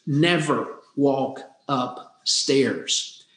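A man voicing a serious male physician, speaking slowly and gravely. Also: mid-range voice, fairly bright tone, pitched below the performer's own voice. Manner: slow and serious. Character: grave male physician delivering bad news. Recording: roomy echo.

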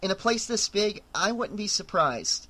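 A man doing a panicky teenage girl, high. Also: expressive, normal speed, pushed and bright, full character voice. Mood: frantic.

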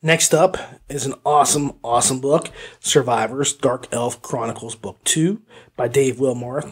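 A man hosting an audiobook review podcast, talking casually in a rambling, goofy way. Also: medium pitch. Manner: rambling, goofy, with hummed pretend music. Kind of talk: casual chat.

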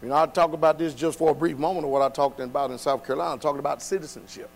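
A man preaching a sermon, dropping to quiet, low passages and then building to loud, shouted exhortation. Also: fairly even intonation, very fast, creaky, low-quality recording.

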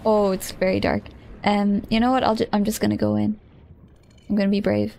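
A woman's voice: medium pitch, flat delivery, brisk, gravelly, dark tone, slight background noise. A woman streamer chatting casually as she plays, thinking aloud, easily startled and often giggling.

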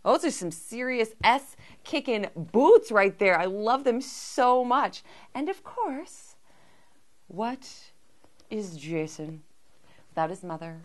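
A woman's voice: mid-range voice, lively intonation, takes it slowly. A woman hosting a toy review vlog, gushing and giggly as she shows off a horror figure.

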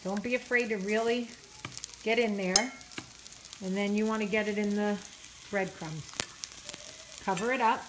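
A woman's voice: mid-range voice, fairly even intonation, measured pace, pauses often, background noise. A woman, cooking in her home kitchen and chatting casually to her viewers with lots of fillers and self-deprecating asides. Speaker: vlogger cooking on camera. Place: home kitchen, frying at the stove. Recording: home kitchen with loud sizzling. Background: sizzling frying pan.

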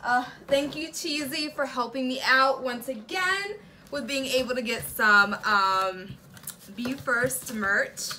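A young woman hosting a reaction video, chatting casually as she unboxes merch, gasping and squealing with excitement. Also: high voice, slow, a little hiss or hum.

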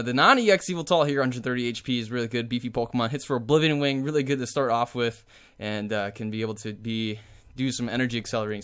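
A man's voice: mid-range voice, a bit bright. A man casually talking over his screen as a YouTuber, rambling with many fillers and plain enthusiasm. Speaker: YouTuber showcasing a card game deck. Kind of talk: casual gameplay commentary.

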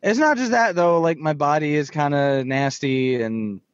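A man's voice: on the high side, moderate pace, smooth, no echo. Man from new jersey, hesitant, stammering, self-deprecating, muffled dry mic. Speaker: podcast co-host. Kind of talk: casual podcast banter.

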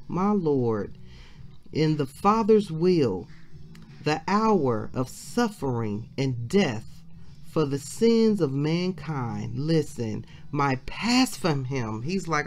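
A woman's voice: sits low, a little mellow. A middle-aged woman preaching a devotional with fervor, repeating phrases and breaking in with praise, close to tears. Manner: fervent, repeats phrases, interjects praise and hallelujahs. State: near tears. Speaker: minister leading a devotional.

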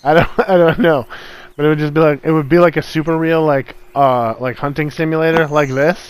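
A man's voice: on the high side, steady tone, brisk, clear, resonant tone, dry recording, rough recording. A young man who makes a gaming channel, chatting casually with friends while they play, joking and laughing often. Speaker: channel creator and gamer.

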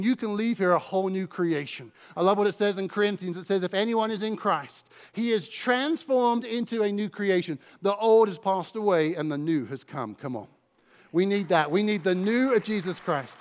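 High-voiced male pastor, passionate church sermon full of repetition and asides. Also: fairly quick. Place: church service.

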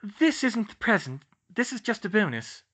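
A man's voice: big pitch swings, moderate pace, heavily acted. A man voicing a clever, earnest young witch in an audiobook. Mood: eager. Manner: raised pitch, bright and urgent.

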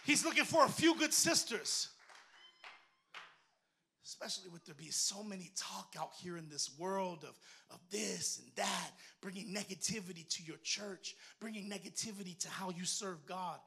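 Preach it as a woman minister, bright and forceful, moving from shouts down to a soft, low storytelling voice. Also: moderate pace, creaky, hardly any pauses, slightly rough. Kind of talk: sermon.

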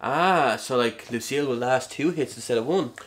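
A man's voice: mid-range voice, normal speed, a bit bright, a little hiss or hum. A man playing a video game and chatting casually with his co-host, laid-back and teasing. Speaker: let's play co-host. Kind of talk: casual gaming commentary.

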